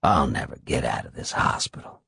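Guy doing a low husky bitter man stuck in a hospital bed, dry close sound. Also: expressive, brisk, bright, forceful tone, no echo, exaggerated voice. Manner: low, grim and seething. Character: bitter bedridden man, furious at his wife.

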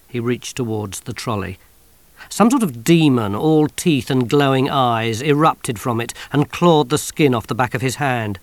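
Guy narrating an audiobook, wry and expressive, mid pitched, dry close mic. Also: moderate pace, no echo.

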